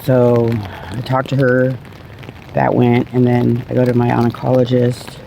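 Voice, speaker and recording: A woman's voice: rumbling low, little pitch movement, unhurried, creaky, dark tone, slight background noise, poor audio. A middle-aged woman telling her own story in a candid, rambling, blunt way, swearing casually. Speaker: vlogger sharing her cancer story.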